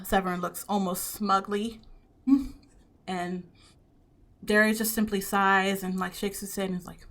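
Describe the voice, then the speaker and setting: A woman's voice: fairly low pitch, a bit bright. A young woman game master narrating a tabletop game in a casual, filler-heavy way.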